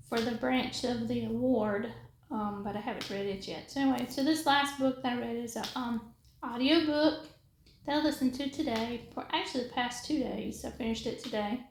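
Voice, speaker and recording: Woman vlogger, fairly high voice, chatty and rambling, echoey room with faint hiss. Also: moderate pace. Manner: rambling, many fillers and restarts. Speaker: craft and book vlogger. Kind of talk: casual chat while crafting.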